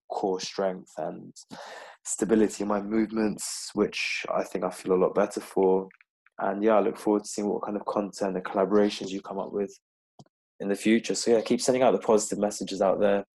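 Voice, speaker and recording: A man hosting a casual interview, talking in a relaxed, rambling way with plenty of fillers. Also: sits low. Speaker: podcast host. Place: London-based.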